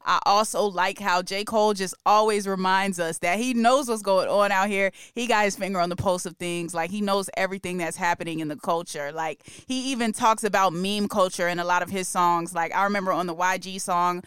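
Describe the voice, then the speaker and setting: A man co-hosting a music news show, chatting casually in an animated, slang-filled way and laughing often. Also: sits high, a little fast, hardly any pauses, clean tone, no room sound, clean studio sound. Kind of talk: casual chat.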